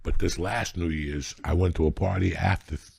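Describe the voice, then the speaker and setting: Gravelly, husky man with low voice. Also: fairly even intonation, normal speed, a little mellow, dry recording, studio quality. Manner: raw, profane storytelling. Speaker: podcast host and comedian. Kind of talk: casual podcast chat.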